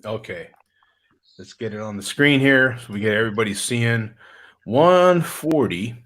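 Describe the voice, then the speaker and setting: A man hosting a casual online talk show over a video call, chatty and quick to laugh. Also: mid-range voice, lively intonation, a bit bright. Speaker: show host. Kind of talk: casual chat.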